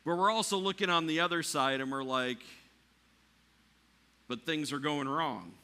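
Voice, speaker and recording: A pastor delivers a church sermon at a moderate pace in a fairly high voice. He builds to near shouting at the peaks, then drops quiet for the calmer lines.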